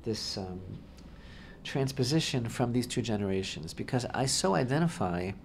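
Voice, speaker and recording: Speaking at a moderate pace with lively intonation, the rabbi co-host uses a mid-range voice in this talk radio Torah discussion. He talks expansively and emphatically, frequently repeating phrases, over a slight hiss or hum.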